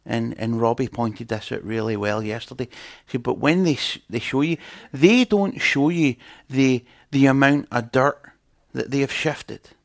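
A man's voice: mid-range voice, a little slow, creaky, few pauses, dry recording, studio quality. A man preaching in a conversational teaching style, chatting and putting questions to his audience.

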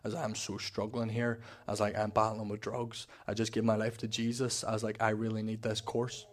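Young Northern Irish man, church testimony, candid storyteller, steady monotone delivery. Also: lowish voice, a little fast. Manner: candid storytelling, acting out quoted dialogue. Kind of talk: personal testimony.

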